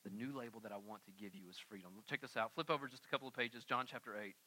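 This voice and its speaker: A young man preaching a sermon, animated and casual, acting out scripture characters in everyday voices. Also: medium pitch, racing. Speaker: pastor.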